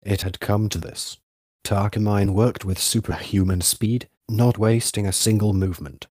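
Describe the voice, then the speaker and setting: A man narrating a literary audiobook in a measured, even way. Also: lowish voice, no echo, clean studio sound.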